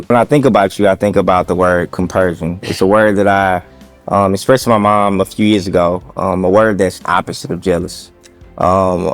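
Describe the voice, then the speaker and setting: A man giving a heartfelt spoken tribute to his pastor, sincere and a little halting with many ums. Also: deep voice. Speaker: church member giving a tribute.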